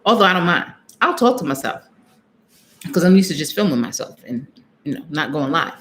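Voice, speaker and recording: A woman's voice: low voice, big pitch swings, fairly quick, fairly bright tone, slight background noise. A woman vlogger telling a travel story on a live stream, chatty, laughing often and acting out what she said, and talking straight to her viewers.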